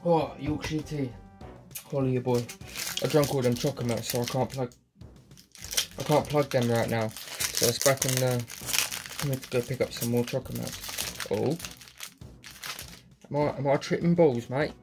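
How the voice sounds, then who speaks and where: A man's voice: medium pitch, fairly even intonation, moderate pace, pauses often, music in the background. A man giving casual, sweary running commentary while opening card packs, muttering and joking to himself. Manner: sweary, muttering, jokey asides. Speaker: card pack opener.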